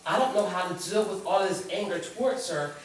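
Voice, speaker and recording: A woman's voice: mid-range voice, a little fast, a little hiss or hum. A middle-aged woman, a guest author, sharing a personal story on a talk show in an earnest, reflective way. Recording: echoey room, far from the mic.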